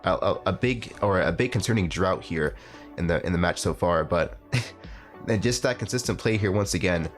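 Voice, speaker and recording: A man announcing a live online game tournament, talking in a rambling, halting way with lots of fillers and restarts. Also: sits low, soft background music. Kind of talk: live esports commentary.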